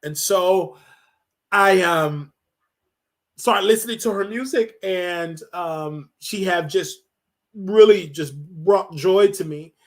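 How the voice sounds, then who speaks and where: A man in his thirties from Chicago, hosting his show and speaking in a tearful, halting monologue full of fillers and restarts. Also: high voice. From Chicago, USA. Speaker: show host. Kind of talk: emotional personal monologue.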